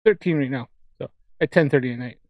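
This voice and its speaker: A man's voice: medium pitch, fast talker, no room sound, muffled recording. A man from Alberta, Canada, with a Canadian accent, rambling in casual chat while hosting a livestream. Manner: rambling, chatty. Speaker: livestream host.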